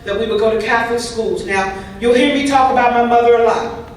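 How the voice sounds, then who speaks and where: A woman's voice: fairly high pitch, a little fast, slight background noise. A woman voicing a signed first-person recovery talk at a convention, in a humorous, conversational storytelling manner. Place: large convention hall. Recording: very echoey hall from far off.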